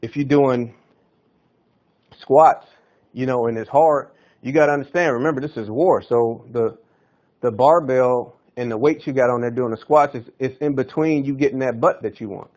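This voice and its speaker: A man's voice: medium pitch, moderate pace, a little mellow. A man hosting a fitness podcast, talking in a loose, slangy, hyped-up coaching style. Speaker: podcast host. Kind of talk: casual fitness podcast monologue.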